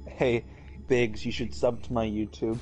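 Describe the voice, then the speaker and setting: A man's voice: medium pitch, darkish tone. A man in casual gaming chat, jokey and chatty with his friends. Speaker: gamer.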